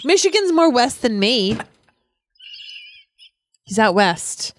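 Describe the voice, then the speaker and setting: A woman's voice: a little high, very animated, slow pace, slight background noise. A woman co-hosting a podcast in casual chat, playful and teasing. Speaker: podcast co-host.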